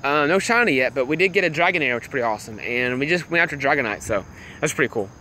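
A young man casually chatting with viewers on a livestream while playing a phone game, excitable and laughing often. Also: mid-range voice, racing, slight background noise. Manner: excitable, laughs a lot, greets chat viewers. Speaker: livestream gamer.

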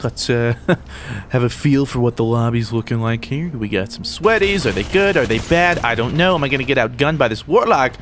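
A young man giving excitable, jokey commentary over his own gameplay, shouting at opponents. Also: medium pitch. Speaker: gaming YouTuber.

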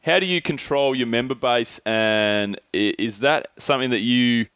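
A man's voice: mid-range voice, a bit bright, smooth. Aussie guy cohost, friendly, stumbles thru his questions, ums everywhere. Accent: Australian. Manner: friendly, halting questions with fillers. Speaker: podcast co-host. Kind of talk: casual interview chat.

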